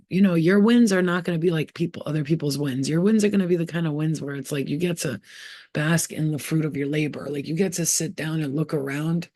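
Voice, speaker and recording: A woman's voice: no echo, clean studio sound. Blunt, profane spiritual healer woman. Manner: blunt and profane, acts out quoted voices; animated, often jumps higher in pitch. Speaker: spiritual healer and channel host. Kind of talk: casual spiritual pep talk to viewers.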